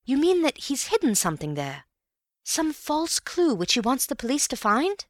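An eager young man, voiced by a woman reader in a storybook reading, bursting with exclamations and quick questions. His voice sits well above her low everyday tone and rings out louder, in a dry, close sound. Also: big pitch swings, no room sound. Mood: excited.

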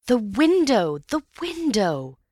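A woman reading aloud, voicing an excitable young male amateur detective with theatrical outbursts. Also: low voice, unhurried, no room sound, studio quality. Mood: excited. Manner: exclamatory and theatrical, then grave explaining.

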